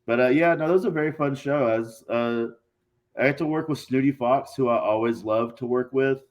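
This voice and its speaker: Guy cussing a lot and acting out his stories on a podcast, mid-pitched voice. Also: a little fast. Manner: profane, animated, acts out quotes. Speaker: guest, pro wrestler. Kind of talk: casual podcast storytelling.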